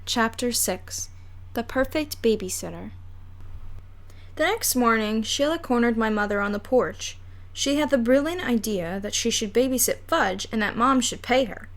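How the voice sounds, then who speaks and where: A woman reading a children's chapter book aloud in a lively, expressive way. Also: a little high, moderate pace. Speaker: audiobook reader.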